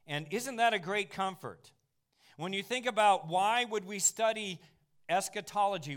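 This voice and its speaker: Man, preacher, Bible teaching, smooth resonant voice, fairly high pitch, animated. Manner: animated, with emphatic slowed key phrases and asides to the room. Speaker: pastor teaching a Bible class. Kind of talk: sermon-style Bible teaching.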